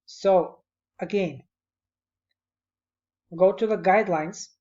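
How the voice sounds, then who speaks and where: A man's voice: high voice, takes it slowly, mellow, lo-fi sound. A male instructor giving conversational, encouraging spoken feedback to a student on a presentation, speaking at his computer.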